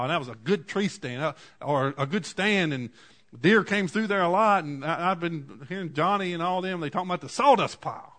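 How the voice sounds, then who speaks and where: A man, preaching a sermon in a folksy storytelling way, moving from quiet asides to loud cries. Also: high voice. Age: 40s. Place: church.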